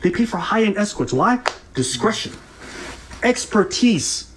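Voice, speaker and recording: A man's voice: high voice, a little slow. A man co-hosting a reaction show, mocking and swearing as he gives heated commentary. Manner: animated, mocking, profane, laughs at his targets.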